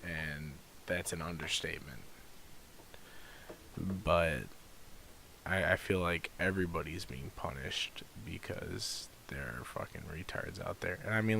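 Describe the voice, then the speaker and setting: Young dude cohosting, super deep gravelly voice, slow and halting, little hiss. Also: male voice, sharp tone. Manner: slow, hesitant, lots of fillers like "like". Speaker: podcast co-host. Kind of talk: casual chat. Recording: faint hiss.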